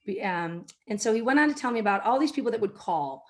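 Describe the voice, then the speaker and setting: A woman's voice: mid-range voice, animated, fast. Woman telling a business story on stage. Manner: anecdotal, acts out quotes in softer voices. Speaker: keynote speaker, marketing executive.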